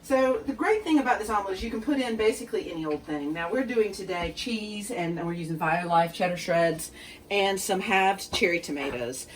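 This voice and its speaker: A woman's voice: mid-range voice, lively intonation, a little fast, recorded from a distance, slight background noise. Chatty woman cooking in her kitchen. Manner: chatty, self-deprecating, talks to viewers directly. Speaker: cooking show host. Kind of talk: home cooking demonstration. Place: home kitchen.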